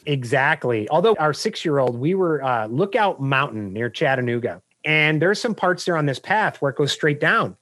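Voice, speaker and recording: Middle-aged male coach, punchy and anecdotal, slightly high voice, dry sound. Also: moderate pace, few pauses, no echo. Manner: energetic, anecdotal, emphatic. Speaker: business coach guest. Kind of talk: interview answers.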